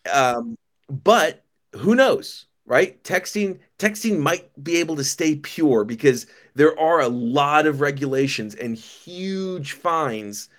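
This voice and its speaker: Animated man telling a story. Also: a little high, slow. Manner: animated storytelling, some stammered restarts. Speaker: podcast guest, company founder. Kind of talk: casual podcast interview.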